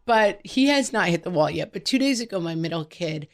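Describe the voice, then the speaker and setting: A woman's voice: fairly low pitch, a little fast. Chatty woman podcast host. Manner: animated storytelling, quoting family in character. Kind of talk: casual podcast chat.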